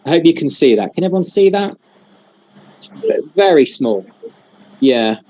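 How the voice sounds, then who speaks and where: A man with a fairly high voice runs a teacher-training session over a video call. He explains step by step and acts out short examples for his audience. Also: very animated, moderate pace, warm tone. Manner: explanatory, demonstrative, uses examples. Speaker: workshop trainer.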